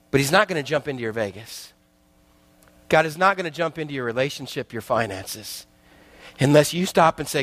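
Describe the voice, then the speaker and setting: A man's voice: a little high, animated, moderate pace, a bit bright, no room sound. A man preaching a sermon as a guest speaker, telling a parable with acted-out voices and joking with the congregation. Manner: storytelling, acts out parable voices, jokes with congregation.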